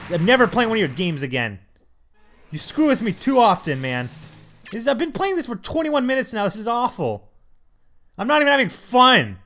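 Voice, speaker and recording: A young man ranting and swearing through his gameplay commentary, breaking into sudden loud outbursts at the characters on screen. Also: high-pitched, sing-song, fairly quick, faint music behind. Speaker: let's play gamer.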